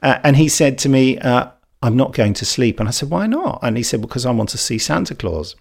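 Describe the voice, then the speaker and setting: A man's voice: medium pitch, fairly quick, creaky. A middle-aged man with a wry, self-deprecating way of telling stories in casual chat.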